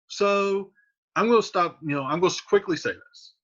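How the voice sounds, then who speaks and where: Male teacher, bright lively delivery, reads old verse then retells it in slang; dull lo-fi audio. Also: sits high, a little fast. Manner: switches between old verse and casual modern slang. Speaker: teacher explaining a play. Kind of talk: reading lines aloud and paraphrasing them. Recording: dull lo-fi sound.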